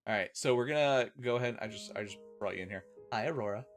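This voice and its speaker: A man's voice: on the low side, quick pace, soft background music. A man hosting a live stream with a headset, chatting loosely with his viewers and a guest. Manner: loose and profane, thanks viewers, talks with a guest on a call. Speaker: streamer host. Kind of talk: casual live-stream chat.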